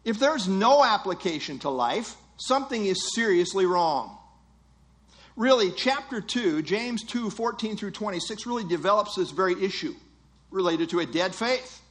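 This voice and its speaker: A man's voice: high-pitched, lively intonation, moderate pace, fairly bright tone. A man preaching a sermon, teaching earnestly and emphatically, acting out imagined listeners' thoughts.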